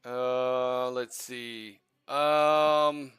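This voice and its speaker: A man's voice: medium pitch, slow, pushed and bright, clear, resonant tone, dry recording, studio quality, soft background music. A tired man running a tabletop game as game master late at night, hesitant and full of fillers. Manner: hesitant, many fillers, self-deprecating. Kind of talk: narrating a tabletop game livestream.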